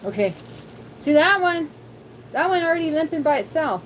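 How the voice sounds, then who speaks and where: A woman's voice: sits high, lively intonation, moderate pace, slight background noise, low-quality recording. A woman hosting a casual cooking livestream from her home kitchen, chatty and thinking aloud as she talks to viewers. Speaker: livestream host.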